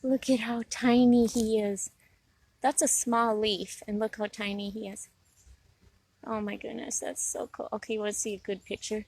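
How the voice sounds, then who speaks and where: A woman chatting casually while out on a walk through a neighborhood, recording herself on her phone and rambling warmly about what she sees. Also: fairly high pitch, flat delivery, normal speed, breathy edge, no echo. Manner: chatty, rambling, easily delighted. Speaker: vlogger on a walk. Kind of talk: casual walking vlog. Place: outdoors in a neighborhood. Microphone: phone in hand.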